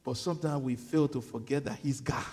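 A man preaching a sermon, swinging between shouted peaks and hushed storytelling, often repeating words as he gathers his thoughts. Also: mid-range voice, steady tone, a little fast, slightly rough. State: sweating. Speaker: pastor. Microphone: clip-on mic.

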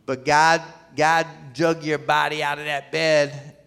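A man's voice: fairly high pitch, little pitch movement, takes it slowly, gravelly, fairly bright tone, clean tone. Male pastor preaching in a reverberant hall. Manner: asks the congregation questions and waits for answers; repeats words and restarts. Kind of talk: sermon. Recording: long reverb of a large hall.

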